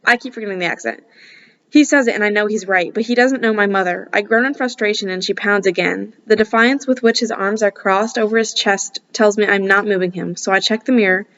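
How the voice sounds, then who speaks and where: A woman's voice: mid-range voice, muffled recording. A woman reading a first-person novel aloud, casual and breaking off now and then for asides. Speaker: audiobook reader.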